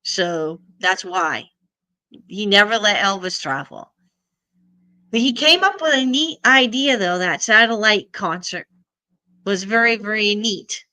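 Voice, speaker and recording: Middle-aged woman hosting a live stream, chatty with viewers; bright, crisp voice. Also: medium pitch, measured pace. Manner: chatty, greets and answers viewers' comments. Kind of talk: casual live stream chat.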